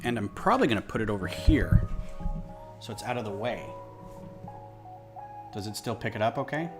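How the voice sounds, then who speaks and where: A man's voice: on the low side, lively intonation, moderate pace. A man hosting a casual live stream at his home building table, thinking aloud with jokey asides, close to a desktop microphone. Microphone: desktop USB microphone close to the speaker. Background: ambient music from a laptop.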